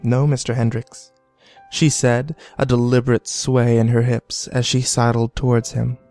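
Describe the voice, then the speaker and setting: A man reading a scripted horror story in a measured, deliberate way. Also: mid-range voice, flat delivery, a little mellow. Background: faint background music.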